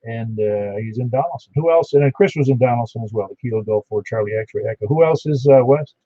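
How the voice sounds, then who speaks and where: Folksy ham radio net host. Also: male voice, medium pitch, fast talker, dark tone, dry recording. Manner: folksy and chatty, reading out call signs. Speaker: net control for an amateur radio net. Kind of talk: casual on-air radio net chat. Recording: dull lo-fi radio audio.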